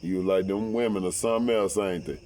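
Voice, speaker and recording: A man voicing a calm old man who soothes a friend in a low, slow voice. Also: lightly acted. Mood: soothing.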